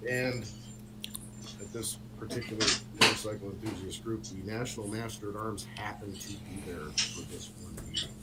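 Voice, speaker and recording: A man's voice: fairly low pitch, fairly even intonation, moderate pace, very noisy. A middle-aged man telling a casual story with many fillers and frequent laughter. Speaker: guest on a motorcycle talk stream.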